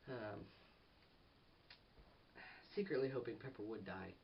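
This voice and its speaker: A teenage boy rambles excitedly through a casual film review, restarting sentences and losing his thread. He sounds set back from the microphone, and the audio is dull and lo-fi with a faint hiss underneath. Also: fairly low pitch, takes it slowly, vocal fry, far from the mic. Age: teens. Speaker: movie reviewer.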